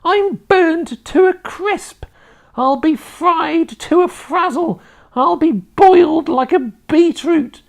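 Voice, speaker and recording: A man's voice: extremely high pitch, big pitch swings, drawn-out words, hardly any pauses, voice pushed up, exaggerated voice. A man doing a shrieking cranky old grandmother. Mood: shrieking panic. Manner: screeching, panicked yells.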